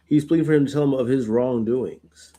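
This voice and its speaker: Speaking a little fast in a warm, mid-range voice, a man runs a Bible study where he reads scripture and comments on it informally. "Right?" comes up often as he explains.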